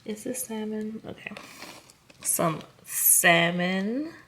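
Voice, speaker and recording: A woman's voice: mid-range voice, takes it slowly, a bit bright, slight background noise. A woman vlogger casually chatting through a grocery haul, talking straight to her viewers and laughing at herself. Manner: chatty, self-amused, talks to viewers directly.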